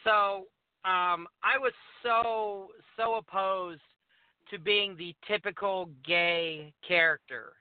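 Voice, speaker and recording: A man with a high voice tells a lively story as a guest on a talk show, laughing often and acting out what people said. He comes through a tinny phone line. The sound is dry. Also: slow, clean tone, dry recording. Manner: animated storyteller, acts out dialogue, laughs often. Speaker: wrestler guest. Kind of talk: casual phone interview storytelling.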